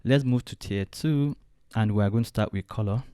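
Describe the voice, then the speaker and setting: A man walking through a design software tutorial step by step, thinking aloud as he clicks along. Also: fairly low pitch, normal speed, clear, resonant tone, no echo, studio quality. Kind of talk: screen-recorded software tutorial.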